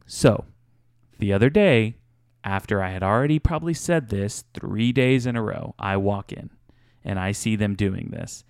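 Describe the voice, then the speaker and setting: A man with a very low, gravelly voice shares a frank story from home, talking in a candid, confessional way. His voice is smooth and resonant, and it is recorded dry and close. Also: moderate pace, no room sound. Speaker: podcast co-host. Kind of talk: casual chat.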